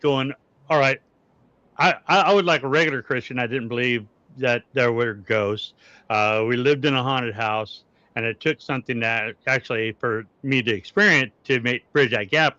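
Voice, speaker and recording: A man's voice: mid-range voice, pushed and bright, dry recording. A middle-aged man with an Arkansas accent, a paranormal investigator speaking earnestly on a panel over a video call, explaining in a preacher-like way. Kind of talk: casual panel chat. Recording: dull lo-fi audio.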